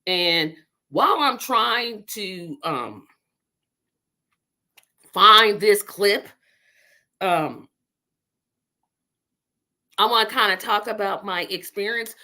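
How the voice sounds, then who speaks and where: A woman from Indiana hosts a casual political livestream, rambling and talking to her viewers as she multitasks. Her mid-range voice is expressive, pushed and bright, and very slow, with frequent pauses.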